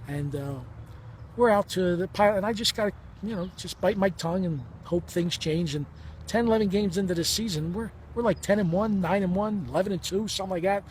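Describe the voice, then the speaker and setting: A middle-aged man recounts an old grievance in a heated, blunt and profane way, acting out the dialogue as he goes. His voice sits somewhat high for a man, with a faint hiss of noise behind him. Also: brisk. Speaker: former ballplayer telling his story. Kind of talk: emotional first-person storytelling.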